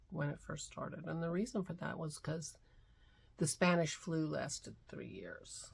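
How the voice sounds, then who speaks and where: Low gravelly-voiced woman vlog host. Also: lively intonation, a little slow. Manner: heartfelt, soft-spoken, drifting into near-whispers. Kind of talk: casual morning vlog talk.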